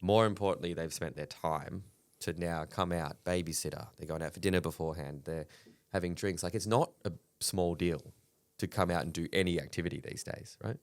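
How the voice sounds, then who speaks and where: A deep-voiced man in his thirties talks candidly in a casual podcast chat, swearing freely and laughing between stories. The recording is close and dry, with no room sound. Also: fairly quick, no echo. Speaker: comedian guest.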